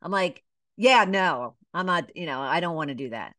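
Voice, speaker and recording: Middle-aged woman from atlanta, coach on a podcast, lowish voice, lots of "you know", acts out little quotes, dry sound. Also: lively intonation, normal speed, a bit bright, no room sound. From Atlanta, Georgia. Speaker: business coach and podcast guest. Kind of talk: casual interview storytelling.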